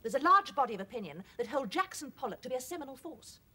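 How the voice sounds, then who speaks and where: An actress playing a dry, wry middle-aged wife in a 1980s sitcom. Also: female voice, high-pitched, sing-song, fast talker, very noisy. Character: wry, patient English wife studying.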